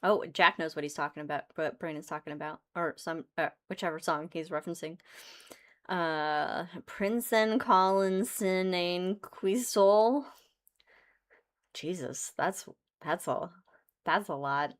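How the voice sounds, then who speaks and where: A woman with a somewhat low voice chats loosely as a podcast co-host. She laughs easily and lets sentences trail off. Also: fairly even intonation, moderate pace, fairly bright tone. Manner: chatty, laughs often, trails off mid-sentence. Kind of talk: casual chat.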